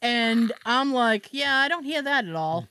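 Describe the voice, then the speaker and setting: Woman storyteller, high, bright voice with big swings, acts out every quote, laughs a lot. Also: lively intonation, measured pace, clear, resonant tone. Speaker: podcast co-host telling a story. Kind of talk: casual storytelling chat.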